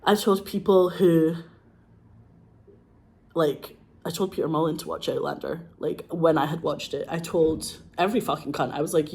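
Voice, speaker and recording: Scottish woman, excitable, lots of "like", swears a lot, slightly throaty. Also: sits low, a little fast, slight background noise. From Scotland. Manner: excitable, gushing, swears freely, many "like"s. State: frog in her throat. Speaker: actress. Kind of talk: casual monologue.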